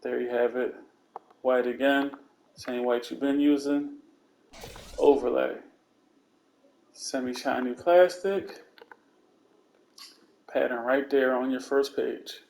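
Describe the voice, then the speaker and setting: Laid-back man with a gravelly voice. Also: medium pitch, slow pace, pauses often, slight background noise. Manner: relaxed, laid-back step-by-step instructions; slangy, conversational asides. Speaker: video game content creator. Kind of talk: casual walkthrough voice-over.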